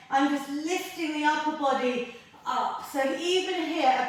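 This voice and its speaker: A high-voiced woman leads an ab workout, unhurried and encouraging even while out of breath. Her voice carries a strong echo, picked up from a distance across a bare room. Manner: encouraging, coaching through exercises. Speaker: fitness instructor. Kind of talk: workout class instruction. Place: exercise space, on a mat. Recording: echoey room, voice from far off mic.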